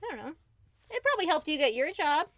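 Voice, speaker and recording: A woman's voice: high-pitched, sing-song, fast talker, fairly bright tone, no room sound. A woman hosting a casual chat podcast, laughing often and swearing while she tells stories.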